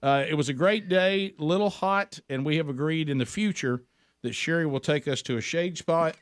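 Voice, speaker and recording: A man hosting a talk radio show, telling stories in a folksy, animated way. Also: on the high side, normal speed, clear, resonant tone, no echo, clean studio sound. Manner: folksy storyteller, animated, chuckling. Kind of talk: casual talk radio banter.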